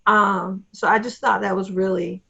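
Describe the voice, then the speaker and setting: A woman co-hosting a podcast in a casual, animated chat, acting out her own thoughts as she talks. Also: mid-range voice, normal speed, vocal fry, husky. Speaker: podcast co-host. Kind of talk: casual movie review chat. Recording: slightly dull, lo-fi mic.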